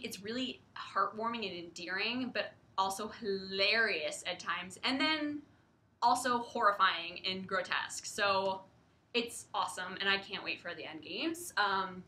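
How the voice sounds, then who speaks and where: Young woman co-host, chatty and giggly, very bright tone, echoey room. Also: medium pitch. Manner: chatty, giggly, many likes and ums. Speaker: publisher livestream co-host. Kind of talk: casual chat.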